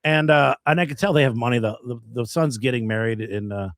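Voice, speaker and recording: A man's voice: medium pitch, quick pace, no echo, clean studio sound. A man from Maryland, a comedian, telling a story in casual podcast chat and acting out what people said. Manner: animated storyteller, acts out dialogue.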